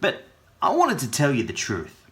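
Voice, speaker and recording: A man's voice: medium pitch, wildly swooping pitch, normal speed. A man with an Australian accent, hosting his vlog from his studio and spinning a chatty story full of slang. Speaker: vlogger. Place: home studio.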